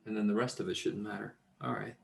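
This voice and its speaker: A man's voice: on the low side, fairly even intonation, fast talker, gravelly, echoey room, a little hiss or hum. A man teaching a math lecture, talking himself through the arithmetic and muttering curses under his breath. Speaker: math instructor. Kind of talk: recorded classroom lecture.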